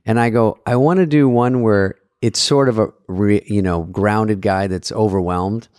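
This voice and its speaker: A man's voice: on the low side, measured pace, clean tone, no room sound, studio quality. A middle-aged man co-hosting a podcast, telling stories in casual chat, acting out quotes with a lot of swearing. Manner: animated anecdote-telling with acted-out quotes and swearing. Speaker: podcast co-host.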